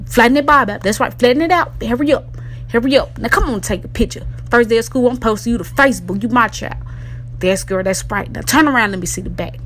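A woman playing a bossy mother who loudly scolds her daughter. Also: fairly high pitch, slight background noise, pitched below the performer's own voice, lightly acted.

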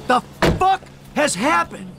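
A man's voice: very high voice, very animated, slow, gravelly, over music, heavily acted. An actor voicing an exasperated middle-aged male criminal partner in video game dialogue, demanding answers.

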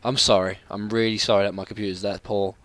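A young man talks through his gameplay in a casual, rambling way. His voice has a bright, forward edge, and he apologizes often while reacting loudly to the game. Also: fairly low pitch, little pitch movement, fast. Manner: chatty, apologetic, laughs and yelps at the game. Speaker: gaming channel host.

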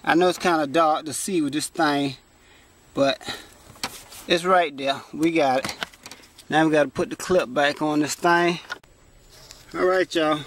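In this casual how-to vlog, a man with a fairly high voice fixes something inside a parked car. He chats and exclaims often, addressing viewers directly. There is slight background noise.

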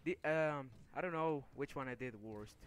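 A man's voice: mid-range voice, normal speed, smooth. Angry young man narrating gameplay. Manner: frustrated, swearing, easily angered outbursts. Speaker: gaming video creator. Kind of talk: gameplay commentary.

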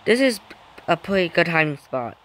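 A young male gamer nervously commenting on his mobile game play, excitable and self-conscious. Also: fairly high pitch, normal speed. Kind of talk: casual gameplay commentary. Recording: noisy background during gameplay.

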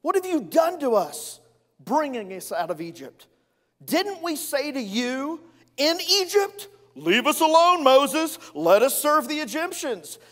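A man's voice: very high voice, very animated, measured pace, fairly bright tone, big-room sound, pitched above the performer's own voice, full character voice. A male pastor voicing a frightened crowd of Israelites complaining to their leader in a whiny, accusing tone.

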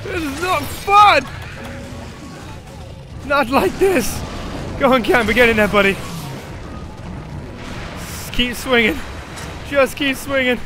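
A man gives a let's play commentary over game music in a very high voice, excitable and panicky one moment, dry the next. He takes his time between bursts of yelps and shouted complaints. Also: a little slow, pauses often. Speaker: gaming channel host.

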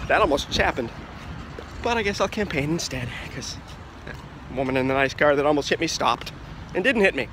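A man talking to camera outdoors on city streets, joking through a mock presidential campaign with drawn-out, sing-song slogans. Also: a little high, fairly bright tone, a little hiss or hum. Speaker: vlogger running a joke presidential campaign. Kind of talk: casual vlog to camera, mock campaign speech.

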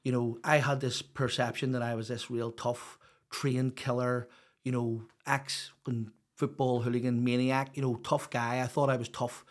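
A man's voice: medium pitch, flat delivery, moderate pace. Blunt Northern Irish man telling stories. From Northern Ireland. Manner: rambling, blunt and sweary, full of fillers. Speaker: guest. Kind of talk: casual storytelling chat.

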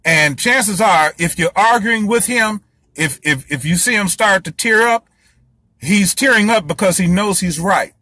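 A man's voice: sits high, measured pace, bright, forceful tone, no echo. A man giving a heated solo monologue to his audience, ranting in a fiery, profane, preachy way. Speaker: host lecturing his audience.

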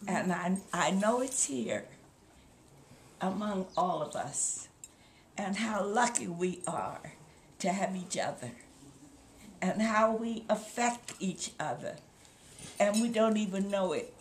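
A woman in her late eighties giving a slow, emotional thank-you speech to her family. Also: mid-range voice, lively intonation. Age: 80s. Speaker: grandmother being honored. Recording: home camcorder, some noise.

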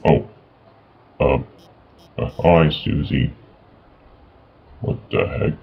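A man with a very deep, gravelly voice plays through a video game, reading each character's dialogue aloud in his own halting way with lots of fillers. The recording is dull and lo-fi. Faint music runs in the background. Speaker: gaming YouTuber.

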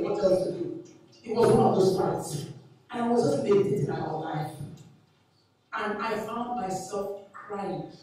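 A woman's voice: medium pitch, warm tone. A woman in her forties, a family teacher giving an earnest, impassioned talk to an evening audience and repeating her points for emphasis. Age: 40s. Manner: earnest, repetitive, builds to emotional emphasis. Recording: very echoey hall, distant mic.

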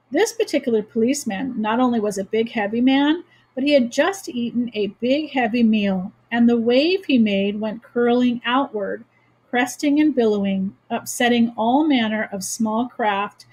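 A woman teacher reads a children's chapter book aloud with steady, expressive storytelling. Her voice sits a little high and has a husky, breathy edge. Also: rough recording.

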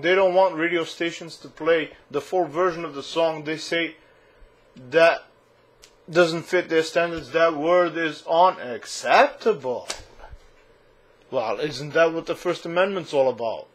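A man ranting to camera as a vlogger, indignant and sarcastic and swearing freely. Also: fairly high pitch. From United States.

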